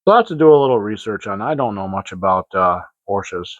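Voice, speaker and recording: A man with a low, easygoing voice hosts a hobby vlog about his latest model-kit purchases. He rambles, piling up fillers and starting sentences over. The sound is dry and slightly muffled, like a modest home recording. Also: expressive, fairly quick, no room sound. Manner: rambling and hesitant, full of restarts and fillers. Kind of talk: casual show-and-tell vlog.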